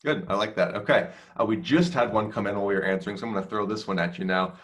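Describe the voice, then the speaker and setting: A man's voice: on the low side, fast, a bit bright. A man moderating a live webinar, reading audience questions in brief, hesitant phrasing.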